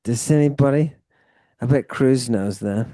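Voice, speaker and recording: A man of middle pitch leads a one-on-one Greek lesson, patiently walking through grammar and praising each try. The sound is dry and close, with no room around his voice. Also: unhurried, mellow, dry recording. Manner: encouraging, explains grammar at length. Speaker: Greek teacher. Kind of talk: live tutoring session.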